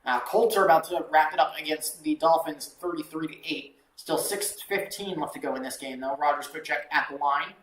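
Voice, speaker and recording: A man's voice: fairly high pitch, moderate pace, hardly any pauses, roomy sound, rough recording. A man hosting a live watchalong, calling football plays and rambling casually between them with lots of fillers. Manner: rambling, filler-heavy, self-deprecating asides. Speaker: play-by-play watchalong host. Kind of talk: live amateur play-by-play commentary with casual asides.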